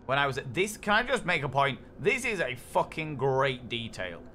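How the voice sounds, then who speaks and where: A man's voice: mid-range voice, very animated, normal speed, bright, forceful tone, a little hiss or hum. A young man streaming a video game, bantering playfully and swearing freely as he chats to his viewers. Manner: playful, cheeky, profane banter with chat. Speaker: gaming streamer. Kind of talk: casual live-stream commentary.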